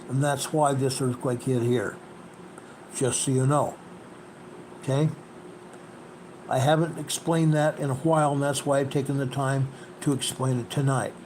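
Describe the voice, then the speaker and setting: A man's voice: mid-range voice, a little mellow, slight background noise, low-quality recording. A man hosting an earthquake report, narrating over a map in an emphatic way and repeating key points. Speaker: host.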